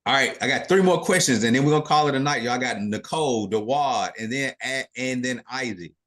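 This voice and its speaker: Hosting a live online class on investing, a man answers questions over video in an easygoing way, with plenty of fillers and false starts. His medium-pitched voice moves a little fast.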